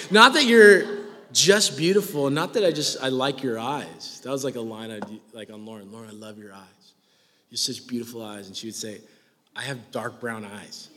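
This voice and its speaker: A young male pastor delivers a playful sermon in a high, light voice. He jokes, laughs and acts out quoted lines. The recording carries a long hall echo from the church space. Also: a bit bright.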